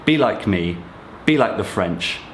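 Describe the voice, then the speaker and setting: A man with a fairly low voice explains everyday French expressions, friendly and encouraging as he talks straight to his viewers. His voice bounces around an echoey room. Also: expressive, a little slow, slight background noise. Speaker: French teacher. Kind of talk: casual explanatory teaching.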